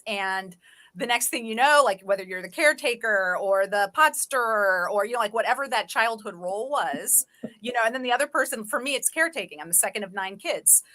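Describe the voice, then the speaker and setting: Bright, candid woman podcast guest. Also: mid-range voice. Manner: candid, animated, slangy, laughing easily. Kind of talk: casual podcast conversation.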